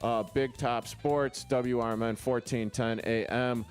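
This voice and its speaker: A man's voice: mid-range voice, fairly even intonation, unhurried, faint music behind. A man hosting a casual sports radio show from a studio, rambling and joking at his own expense with lots of fillers. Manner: rambling, self-deprecating, many fillers and restarts. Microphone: studio microphone.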